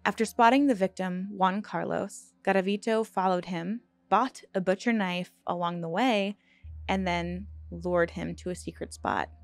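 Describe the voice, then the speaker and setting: A woman hosting a true crime channel, telling a dark case in a casual, earnest way with asides and fillers, sometimes choked up. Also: fairly low pitch, steady tone, measured pace, no room sound. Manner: earnest, emotional, choked up at times; conversational with many fillers and restarts.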